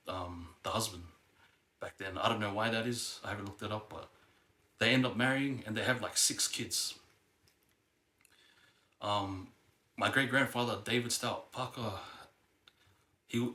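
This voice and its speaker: A young male vlogger with a fairly low, pushed, bright voice casually tells a family history story. He rambles and hesitates, full of fillers and restarts, in an echoey room.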